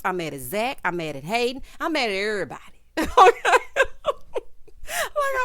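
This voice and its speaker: A woman hosting a casual TV recap, retelling scenes in a sassy, animated way with quoted voices. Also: medium pitch, no echo. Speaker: TV recap host.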